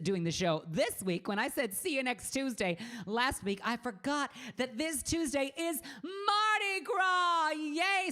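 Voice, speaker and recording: A middle-aged woman hosts her own live stream from a room at home. She chats in a bubbly, campy way, welcoming her viewers one by one. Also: medium pitch. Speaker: singer hosting a live stream. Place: home room with a green screen.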